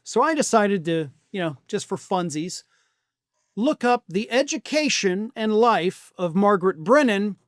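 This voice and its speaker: A man's voice: sits high, no echo, clean studio sound. Blunt, sarcastic male political commentator. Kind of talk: opinion commentary monologue.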